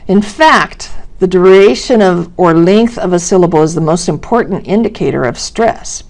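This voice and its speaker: Slow, deliberate woman teaching pronunciation. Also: lowish voice, a little mellow. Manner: slow, deliberate, exaggerating sounds for demonstration. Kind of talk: instructional narration.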